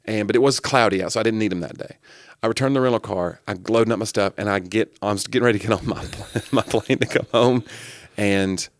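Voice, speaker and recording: A man co-hosting a podcast, telling animated, jokey stories in casual chat. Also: on the low side, quick pace, no echo, clean studio sound. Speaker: podcast co-host.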